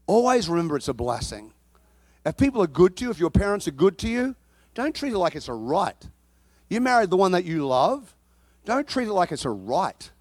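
A man preaching a sermon, telling a story with animated energy that bursts into shouting. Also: high-pitched, no echo.

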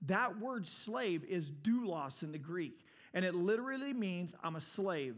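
A male preacher delivers a sermon with an animated, storytelling drive. His voice sits high, and he swings from loud emphasis to hushed passages. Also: unhurried, few pauses.

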